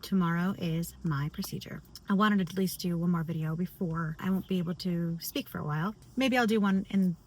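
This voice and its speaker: A woman's voice: fairly low pitch, fairly quick, hardly any pauses, darkish tone, slight background noise. A woman and singer recording a candid personal video diary, speaking openly and emotionally. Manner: open, confessional, emotional. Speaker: vlogger and singer.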